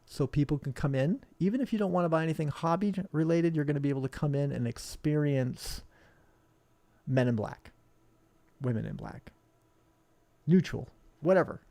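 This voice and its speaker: A man's voice: a little high, moderate pace, creaky, long pauses, warm tone, no echo. A man who owns a hobby shop, talking bluntly and combatively in a rambling live stream. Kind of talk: live-streamed casual talk.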